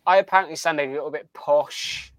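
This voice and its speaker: A man with a southern English accent co-hosts a podcast chat, explaining at length and teasing his friends. His voice sits a little high, close and dry on the mic. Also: fairly quick, no echo. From England. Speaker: podcast co-host. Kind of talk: casual chat.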